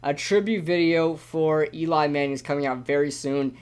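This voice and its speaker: A man's voice: fairly high pitch, normal speed, clean tone. Rambling young man ranting sports talk. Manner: rambling, animated ranting with repeats. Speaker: sports talk streamer host. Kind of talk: casual live-stream sports talk.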